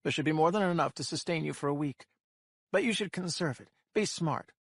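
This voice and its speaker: A man's voice: a little high, fairly quick, no echo, studio quality, voice pushed up. Man doing a cold, patronizing kidnapper. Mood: controlling. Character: calm, controlling male kidnapper over a speaker.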